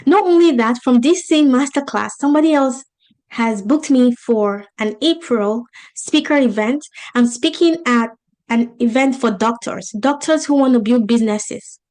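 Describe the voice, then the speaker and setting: A woman's voice: high-pitched, darkish tone. A woman with a non-native English accent, teaching a business webinar in an emphatic, motivational style, asking the audience rhetorical questions. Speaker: business coach. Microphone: video call.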